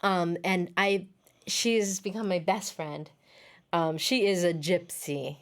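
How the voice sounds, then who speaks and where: A woman's voice: lowish voice, slow. A middle-aged woman, a podcast guest, telling family stories in casual chat and acting out the voices she quotes. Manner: animated storyteller, acts out quoted voices.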